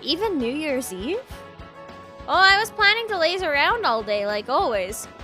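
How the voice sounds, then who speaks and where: Woman doing a bubbly dove schoolgirl, bright lively voice. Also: sits high, moderate pace, faint music behind, pitched above the performer's own voice, exaggerated voice. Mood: upbeat. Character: cheerful young female dove student. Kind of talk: live-stream game read-aloud.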